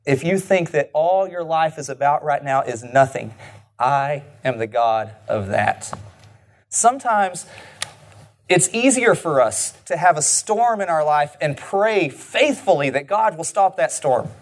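A man preaching a sermon in an earnest way, slowing down and dropping his voice low and soft on key lines. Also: lively intonation.

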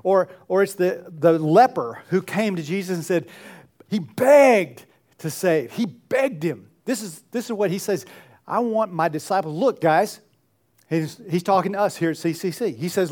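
A man with a rather high voice preaches to his congregation. He is earnest and pleading, and he often lets his voice sink to soft, quiet phrases. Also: normal speed. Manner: earnest, pleading, drops to soft near-murmurs. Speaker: pastor. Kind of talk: sermon.

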